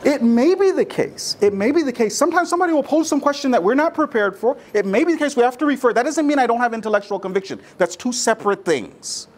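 A man's voice: very high voice, expressive, quick pace, few pauses. A man preaching a sermon to a congregation, using rhetorical questions and repetition. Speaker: religious speaker.

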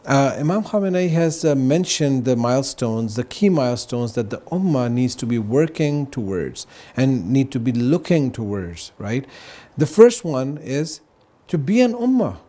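A man's voice: mid-range voice, very animated, moderate pace, mellow. A man speaking as a guest on a religious talk show, explaining earnestly and often checking in with "right?" and "you know".

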